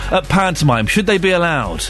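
This radio phone-in host has a slightly high voice and talks a little fast over soft background music. Speaking into a studio mic, he keeps the casual chat playful and lively while reading out emails from listeners.

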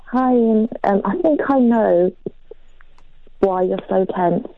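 A caller on a radio phone-in, shy and hesitant at first and gently teasing the host. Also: medium pitch, takes it slowly, gravelly, a little hiss or hum. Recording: muffled phone line.

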